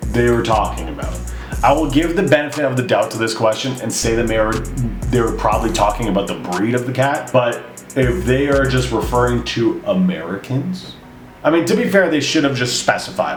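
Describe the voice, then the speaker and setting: A man's voice: medium pitch, animated, a little fast, echoey room, faint music behind. A man reading out silly questions and reacting with incredulous, sarcastic rants. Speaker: comedy commentator.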